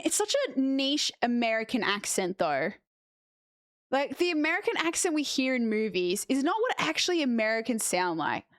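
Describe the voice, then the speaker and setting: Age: adult. Sex: woman. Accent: Australian. Role: streamer. Delivery: slow, chatty casual talk, higher voice. Sound: dry, close. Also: dry recording. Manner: chatty, reacting aloud while reading chat. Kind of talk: casual live-stream chat.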